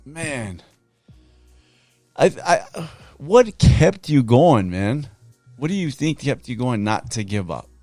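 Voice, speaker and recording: A man's voice: mid-range voice, very animated, darkish tone, no room sound. A man hosts a podcast and asks questions that restart and repeat as he works them out. The sound is dry and close, with faint music in the background. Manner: halting, repeats words while forming questions. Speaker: podcast host. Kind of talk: interviewing a guest.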